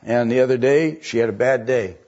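An older man preaching a sermon, building to high, emphatic passages on scripture. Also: a little fast, a little mellow, muffled recording.

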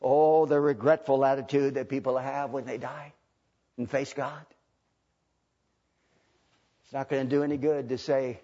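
A man preaching a fiery sermon, swinging from hushed tones to shouting, on a dull lo-fi recording. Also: mid-range voice, normal speed, pauses often.

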